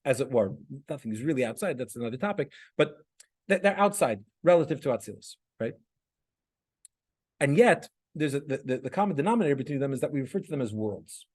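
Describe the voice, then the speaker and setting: A man with a slightly husky voice at a middle pitch lectures to a class in a classroom. He talks conversationally, restarts his sentences, and keeps checking in with the students. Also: sing-song, fast, a little mellow. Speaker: class instructor.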